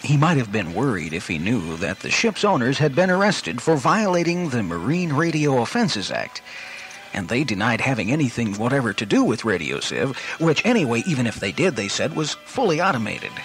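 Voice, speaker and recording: A man co-hosting and narrating a comedy radio serial in a wry, deadpan way. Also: medium pitch, brisk, slight background noise. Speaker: co-host and narrator.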